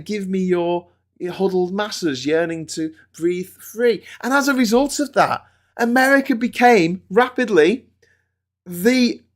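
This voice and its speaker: A middle-aged British man hosting a political livestream, ranting with swearing and swings between loud outbursts and low muttering. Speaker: political commentator host.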